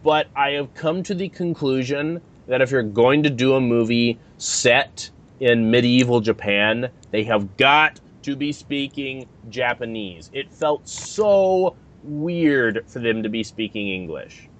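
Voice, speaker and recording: A man's voice: mid-range voice, slow, hardly any pauses. A man co-hosting a podcast in casual chat, talking hesitantly with many fillers and restarts. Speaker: podcast co-host.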